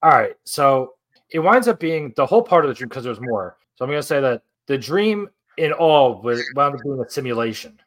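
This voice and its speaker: A man's voice: mid-range voice, sing-song, moderate pace, a bit bright. A young man co-hosting a podcast, telling a long rambling story in casual chat. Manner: rambling storyteller, acts out voices in his tales. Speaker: podcast co-host.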